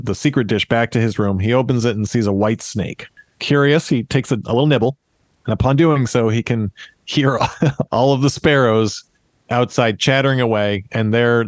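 A man's voice: mid-range voice, no room sound. A man in his thirties casually retelling a fairy tale on a podcast, with jokey asides and laughs. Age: 30s. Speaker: podcast host. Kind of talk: casual storytelling chat.

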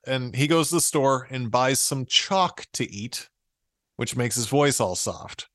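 In studio-quality audio without echo, a man speaks a little slowly in a mid-range, fairly bright voice. The podcast co-host reads a fairy tale aloud in a casual retelling, clearly amused and laughing frequently.

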